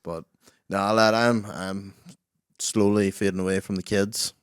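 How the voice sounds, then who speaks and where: A Northern Irish man with a thick accent chats in a laddish, casual way on a podcast, swearing freely. His voice is low, and the recording is dry and close. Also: level tone, measured pace, clean tone, no room sound. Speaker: podcast co-host. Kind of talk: casual chat.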